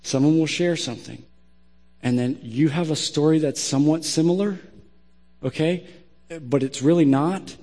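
A man's voice: fairly high pitch, normal speed, pauses often, mellow. A man preaching a sermon as pastor, blunt and emphatic in his direct way of talking. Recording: long hall reverb.

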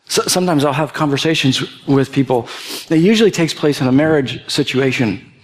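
A young adult male pastor delivering a sermon in a fairly high-pitched voice. He speaks earnestly, stumbling over repeated words and restarts, then climbs into fervent, impassioned emphasis. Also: animated, brisk.

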